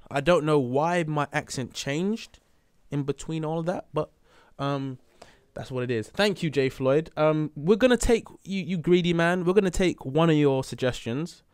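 A man hosting a music reaction show, chatting casually and reading viewer comments aloud in a playful, animated way. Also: on the high side, moderate pace, smooth, no echo, clean studio sound. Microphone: headphones on, close mic.

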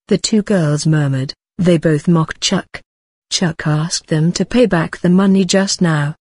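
A woman narrates a translated web novel in a steady, measured read. Her voice sits a little low and has a breathy, husky edge, recorded dry and close with no room sound. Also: dry recording.

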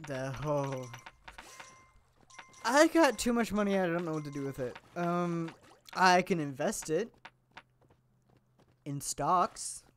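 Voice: mid-range voice, animated, slow, long pauses, a bit bright, slight background noise. A gameplay commentator chatting casually and playfully to viewers, rambling, giggling often and joking about themself.

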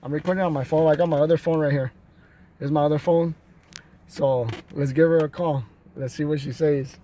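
A man's voice: on the high side, steady tone, a little fast, mellow, slight background noise. Laughing, teasing man vlogging in his truck. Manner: laughing, teasing, addresses viewers. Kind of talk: casual vlog. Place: in his truck, then outdoors in an alley. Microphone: phone camera.

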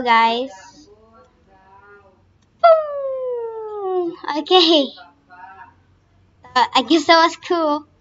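A young woman casually narrating her game play, excitable and full of fillers, squealing now and then. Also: high-pitched. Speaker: gaming channel host. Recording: dull lo-fi recording.

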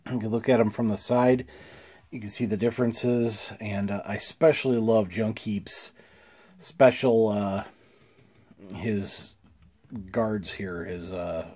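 A man's voice: on the low side, fairly even intonation, takes it slowly, darkish tone. A man casually reviewing toys, easygoing with many fillers and small chuckles, a little congested. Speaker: toy reviewer.

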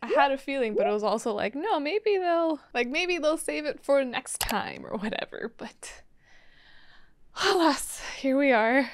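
A woman's voice: high-pitched, expressive, unhurried, dry recording. A woman hosting an anime reaction video, chatting casually and reacting emotionally with frequent laughs and gasps.

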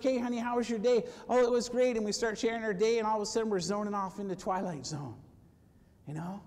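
A man preaching a sermon to his congregation, lively and conversational, calling for amens and acting out quoted voices. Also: sits high, long reverb tail. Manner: animated, acts out quoted voices, asks for amens. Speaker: pastor. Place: church sanctuary.

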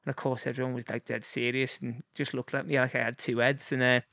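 Gravelly Liverpool man telling stories. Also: mid-range voice, little pitch movement, fast, pushed and bright, no echo, studio quality. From Liverpool, England. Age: 40s. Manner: rambling anecdotes with fillers and chuckles. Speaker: guest. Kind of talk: casual storytelling.

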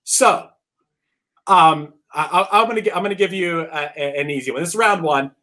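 A man hosting a live trivia podcast event, reading questions and scoring answers with quick restarts. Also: a little high. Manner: lively, stumbles and restarts, laughs between answers. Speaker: trivia quiz host.

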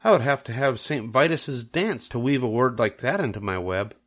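An older man voicing a gentle, wise lady spider who speaks fondly but firmly. The pitch rises above his own low voice, warm storybook reading with a clear, tender lilt. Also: expressive, moderate pace, lightly acted. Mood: kind. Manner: lifted, tender storybook delivery. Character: wise, kind female spider, gently firm.

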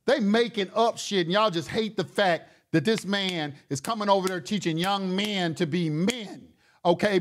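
A man's voice: sits high, fairly bright tone. A male talk show host delivering a heated, profane monologue, repeating words and restarting his sentences as he gets worked up.

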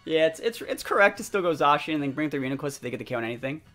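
A young man chatting excitedly as he commentates his own competitive game match, full of fillers. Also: on the high side, very fast. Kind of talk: live gameplay commentary. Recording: faint background music.

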